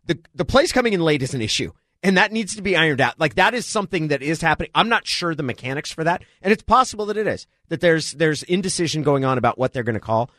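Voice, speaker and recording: A middle-aged man co-hosting a sports radio show, talking through football strategy in a measured, analytical way. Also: a little high, expressive, fairly bright tone, dry recording, clean studio sound. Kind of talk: casual sports talk.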